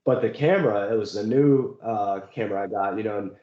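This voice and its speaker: A man's voice: on the low side, a little fast. A man co-hosting a casual chat about ghost hunting, rambling and laughing often. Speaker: podcast co-host. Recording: echoey room, dull lo-fi sound.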